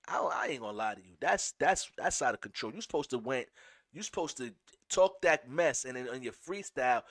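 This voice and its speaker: A man hosting a show, giving casual commentary, animated and slangy, often restarting his sentences. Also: on the high side, no echo. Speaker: podcast host.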